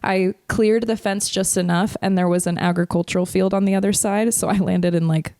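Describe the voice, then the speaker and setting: A woman telling a story in a casual podcast chat, animated, laughing often and swearing freely. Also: mid-range voice, a little fast, smooth, no echo, studio quality. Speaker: podcast co-host.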